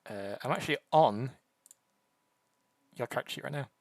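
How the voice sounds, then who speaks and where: A young man narrating a tabletop game as game master, halting with many restarts. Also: mid-range voice, vocal fry, no room sound.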